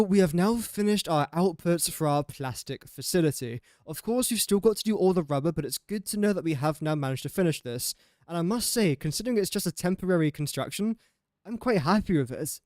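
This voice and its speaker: Speaking briskly in a slightly high, slightly mellow voice, this young man from England chats casually on a building-game livestream. His talk rambles, he pokes fun at himself, and he keeps laughing at his own mistakes. The sound is clean studio audio with no echo.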